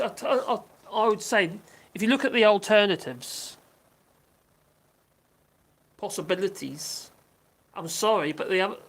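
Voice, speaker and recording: An older woman hosts a casual livestream, reading viewer comments aloud in a mid-range voice. She rambles, giggling often and restarting her sentences.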